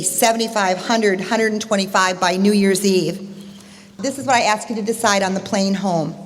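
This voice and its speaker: A woman giving an emphatic motivational speech on stage, addressing her audience as "gang". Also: medium pitch. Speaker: motivational conference speaker. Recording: echoey hall.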